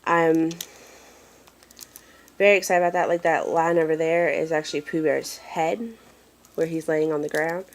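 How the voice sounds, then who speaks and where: A woman's voice: low-pitched, fairly even intonation, moderate pace, long pauses. A woman chatting casually in a home vlog, apologetic and rambling with lots of fillers, filming on a handheld phone in a dim room. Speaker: mother giving a family update.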